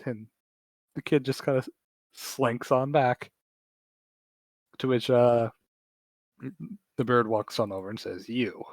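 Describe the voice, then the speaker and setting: A man's voice: medium pitch, no echo. Laid-back male game master. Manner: laid-back, hesitant narration with many fillers. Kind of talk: narrating a tabletop game.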